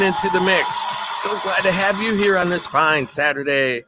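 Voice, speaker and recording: A man's voice: fairly high pitch, animated, moderate pace, loud music behind the voice. A man hosting a casual live stream, upbeat, greeting viewers by name and chuckling often. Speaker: livestream host.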